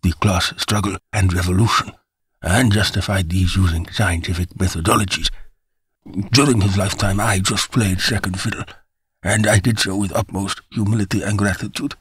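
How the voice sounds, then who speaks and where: Male narrator putting on an older German intellectual, deep husky voice, formal and unhurried. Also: steady tone, a bit bright, no echo, heavily acted. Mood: humble. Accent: German, put on. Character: elderly German male theorist, measured and humble.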